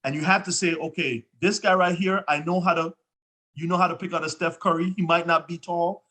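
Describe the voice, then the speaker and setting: A man co-hosts a casual interview. His voice sits slightly high. He reflects at length, speaking from experience in a relaxed, conversational manner. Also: a little fast. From Jamaica. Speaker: co-host.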